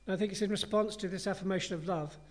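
A male preacher gives a sermon in a relaxed, conversational manner, earnest and reflective as he talks his congregation through a passage. His voice sits a little higher than most men's. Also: racing.

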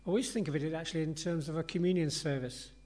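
A man's voice: a little high, steady tone, quick pace, a little mellow. A man preaching a sermon in an earnest, conversational and reflective way.

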